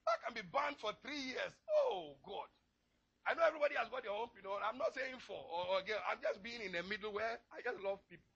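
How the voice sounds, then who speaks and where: Impassioned high-voiced preacher man, raspy. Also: big pitch swings, fast, lo-fi sound. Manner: impassioned preaching, swinging from low murmurs to crying shouts. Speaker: pastor. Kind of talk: sermon.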